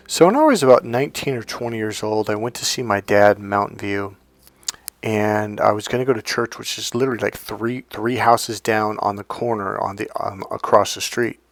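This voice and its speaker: A man's voice: fairly low pitch, dry recording. A man working as a dating coach, telling personal stories in a casual monologue and acting out the people he quotes. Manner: animated storyteller, acts out quotes.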